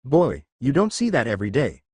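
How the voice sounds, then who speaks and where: A cheeky young ninja talks in a teasing, casual way, voiced by a man. His delivery stays lively. The recording is dry and close. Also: mid-range voice, fairly quick, slightly rough, no room sound.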